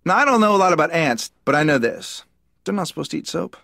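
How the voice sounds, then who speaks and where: A man voicing an excitable comedian patient in an animated sitcom, ranting and slipping into high-pitched voices. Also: fast, creaky, no echo, clean studio sound, full character voice. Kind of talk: stand-up comedy monologue.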